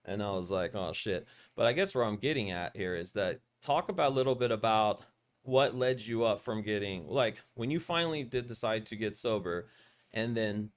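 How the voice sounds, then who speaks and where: A man hosting a podcast, telling a long story in a rambling, profane, animated way. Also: fairly low pitch, normal speed. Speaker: podcast host. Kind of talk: casual storytelling interview.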